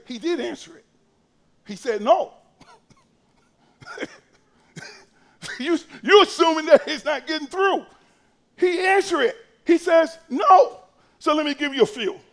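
Very high-voiced impassioned male pastor. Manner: impassioned preaching that swings between hushed and shouted. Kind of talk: sermon.

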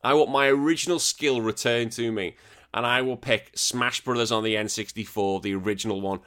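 A young British man hosting a retro games podcast, reading out listener comments in an excitable, sweary, laughing manner. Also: mid-range voice, brisk. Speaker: podcast host.

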